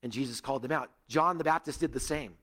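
A male pastor preaching a sermon to a gathered church, earnest, rising to emphatic peaks and dropping to hushed, quiet stretches. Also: fast talker. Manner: earnest, swinging between raised emphasis and hushed, low passages.

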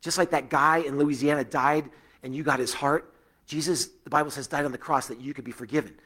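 A man's voice: on the high side, steady tone, fairly quick, sharp tone. A middle-aged man giving a sermon as a pastor, telling personal stories in a loose, conversational way with frequent fillers and restarts.

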